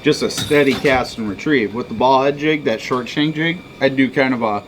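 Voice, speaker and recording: A man's voice: mid-range voice, moderate pace, poor audio. A man runs a bait shop and talks through fishing tackle in a plain, knowledgeable way. His delivery is casual and easy. A faint hum of background noise sits behind him. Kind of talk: casual advice chat.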